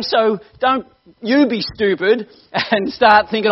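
A high-voiced man preaches with bouncing energy, joking and ribbing the congregation as he tells stories. The live recording sounds dull and lo-fi. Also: a little slow. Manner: animated, joking, teasing the audience. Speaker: evangelist preacher. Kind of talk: lively storytelling sermon. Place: church hall before a congregation.

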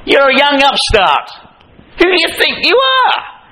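A man's voice: extremely high pitch, very animated, moderate pace, sharp tone, pitched above the performer's own voice, exaggerated voice, poor audio. A man voicing a scornful older brother, a seasoned soldier, who taunts and accuses in a raised voice.

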